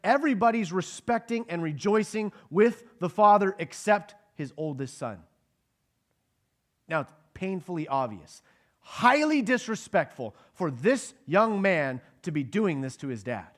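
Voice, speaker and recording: A man's voice: high voice, sing-song, unhurried. A man preaching a sermon to a congregation in a conversational way, asking them questions and acting out the lines of the people in the passage. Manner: acts out the characters' quoted lines. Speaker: pastor teaching a Bible passage.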